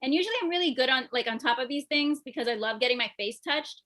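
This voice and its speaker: A woman's voice: high voice, expressive, fast, background noise. A young woman doing a stand-up set over a video call from home, giggling through her own punchlines. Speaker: stand-up comedian.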